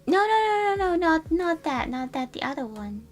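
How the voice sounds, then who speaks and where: High-voiced playful woman streamer. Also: sing-song, moderate pace. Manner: playful, rambling, greets chat. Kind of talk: casual live-stream chat.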